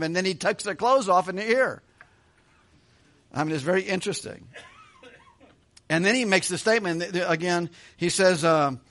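A man whose voice sits on the high side, a bit bright, reads a Bible passage aloud and preaches through it verse by verse. As a pastor, he keeps a conversational tone, adding casual jokes and chuckling often.

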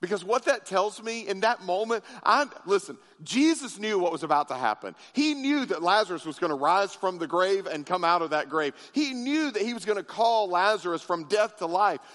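A high-pitched man delivers an impassioned sermon, rising loud and high for emphasis, then dropping low and soft. His voice rings with the long reverb of a large church sanctuary. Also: expressive, normal speed, few pauses. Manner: impassioned preaching with big swings in pitch and loudness. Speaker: pastor.

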